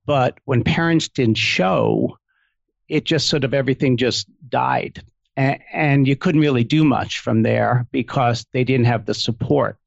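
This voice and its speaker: A middle-aged man and couples therapist, a guest speaking in a relaxed, reflective way as he tells his own story and chuckles now and then. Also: mid-range voice, measured pace, gravelly, dry recording, highs cut off. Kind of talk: casual interview chat.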